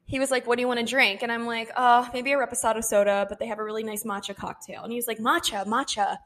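Young woman podcast cohost, kinda high voice, animated storytelling, laughs a lot. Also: very fast. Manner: animated, quotes people in her own voice, laughs often. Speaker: podcast co-host. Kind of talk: casual storytelling chat.

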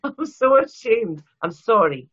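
A Scottish woman talks in a loose, self-mocking ramble, full of restarts and asides. Her voice is a little husky and the recording sounds dull and lo-fi. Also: fairly high pitch, big pitch swings, unhurried, fairly bright tone. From Scotland. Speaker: guest author. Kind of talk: casual interview chat.

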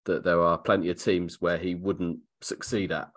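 A man with a fairly low voice talks football in a casual podcast chat. He teases the others with dry, deadpan humor. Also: moderate pace. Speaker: podcast co-host.

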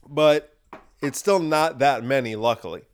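A man's voice: medium pitch, unhurried, smooth. A man hosting a podcast, talking in a sarcastic, ranting monologue full of rhetorical questions. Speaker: podcast host. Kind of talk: opinionated monologue.

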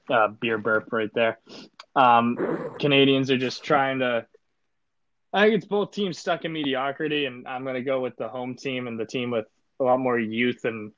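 A man's voice: mid-range voice, dry recording, highs cut off. Laid-back man rambling about sports picks. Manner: laid-back, rambling with many fillers, deadpan joking. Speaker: podcast co-host. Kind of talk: casual sports podcast chat.

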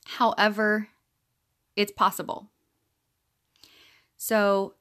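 Slow-talking woman giving self-help advice. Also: medium pitch. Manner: earnest, encouraging, chatty with laughs. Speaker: podcast host. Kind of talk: self-help podcast talk.

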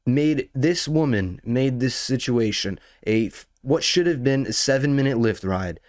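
A man's voice: medium pitch, lively intonation, unhurried, dry recording, clean studio sound. A young man casually telling a rambling, profane story as a podcast host, full of slang and building into outrage.

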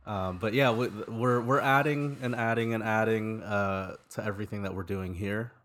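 A man's voice: on the low side, steady tone, normal speed, a bit bright. A man hosting a podcast, talking in an easygoing, hesitant way. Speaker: podcast host. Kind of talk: casual chat.

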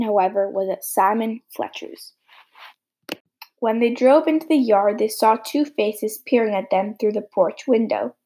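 A woman reading a classic novel aloud as an audiobook, steady with small slips. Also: mid-range voice, breathy edge, low-quality recording. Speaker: audiobook reader. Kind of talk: storybook reading.

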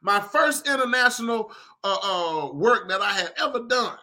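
A man hosting a podcast, telling a story in a casual, animated way and speaking straight to his listeners. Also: high-pitched, moderate pace. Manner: animated, chatty, talks to listeners directly. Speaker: podcast host and leather craftsman.

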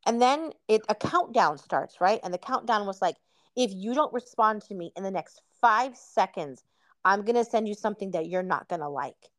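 A woman's voice: mid-range voice, lively intonation, normal speed, dry recording. A woman hosting a podcast, telling a personal story in a casual, candid chat. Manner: candid storytelling, calls guest "girl". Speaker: podcast host.

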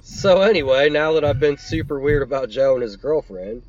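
A man's voice: mid-range voice, moderate pace, a little mellow, no room sound, highs cut off. A man co-hosting a podcast, talking bluntly and swearing freely in casual chat. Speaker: podcast co-host.

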